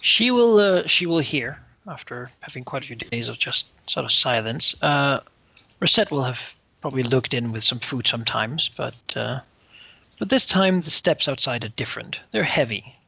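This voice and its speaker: A man's voice: medium pitch, animated, normal speed, vocal fry, bright, forceful tone, breathy edge, no echo, poor audio. A man narrating as game master of a tabletop role-play, hesitant and full of fillers.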